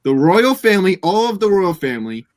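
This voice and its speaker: A man hosting a casual podcast, setting up topics and posing questions to the panel in a lively way. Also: high-pitched, brisk, no room sound, clean studio sound. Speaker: podcast host leading segments. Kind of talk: casual chat.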